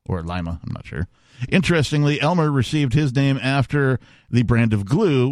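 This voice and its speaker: A man's voice: mid-range voice, dry recording, studio quality. A man hosting a talk radio show, chatting casually with lots of laughter and fillers. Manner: laughs often, rambling with filler words. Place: radio studio.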